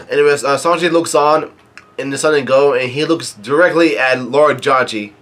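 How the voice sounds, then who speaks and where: A man casually reading through and reacting to a manga chapter, halting often with fillers and restarts. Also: mid-range voice. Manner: reads quoted dialogue flatly without acting.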